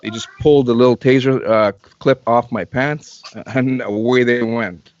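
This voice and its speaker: A man's voice: medium pitch, fairly even intonation, normal speed, dull audio. A man from Canada, a guest in an interview, tells a long personal story in casual talk, repeating and restarting phrases as he goes.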